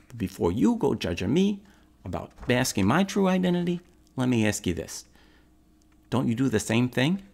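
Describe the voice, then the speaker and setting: Blunt Brooklyn man, played by an actor in a stage monologue; low-pitched and gravelly, chatty and direct. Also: heavily acted. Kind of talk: theatrical monologue to the audience.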